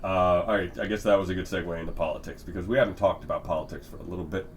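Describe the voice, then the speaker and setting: A man's voice: deep voice, fairly even intonation, very fast, slight background noise. A man co-hosting a podcast in casual, profane chat, rambling with lots of fillers and restarts. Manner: rambling, swears freely, many fillers and restarts. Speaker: podcast co-host.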